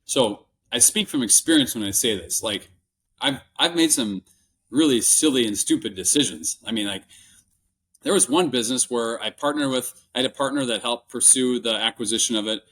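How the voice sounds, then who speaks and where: A man's voice: mid-range voice, normal speed, fairly bright tone. Earnest Minnesotan man, rambling. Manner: earnest and rambling, many restarts and fillers. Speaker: podcast guest, business buyer. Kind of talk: candid interview storytelling.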